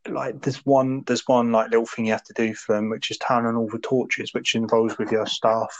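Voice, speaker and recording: Brief: man, podcast co-host, animated rambling rant, mid-pitched voice. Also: moderate pace, rough recording. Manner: ranting, animated, laughs a lot, mock voices. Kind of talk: casual podcast chat.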